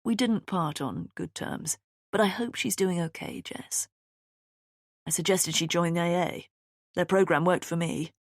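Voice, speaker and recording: A woman voicing a composed middle-aged man in an audiobook, measured and reasonable in tone. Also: lowish voice, no echo, studio quality. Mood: calm.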